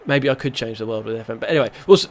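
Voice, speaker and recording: Rapid-fire and mid-range, this man's voice runs through rambling let's-play commentary as a gaming YouTuber. He chats casually, mocks himself, and reacts out loud to what happens in the match.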